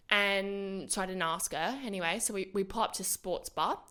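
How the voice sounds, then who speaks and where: Young woman, podcast co-host; casual, animated, sweary delivery. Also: mid-range voice, moderate pace, hardly any pauses, clean tone. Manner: swears often, animated storytelling. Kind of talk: casual chat.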